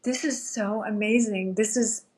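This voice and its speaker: A middle-aged woman appears as a podcast guest, telling a heartfelt, emotional story with earnest feeling, close to tears at times and quoting her own thoughts as she goes. Her mid-range voice is husky, with a steady tone and a measured pace.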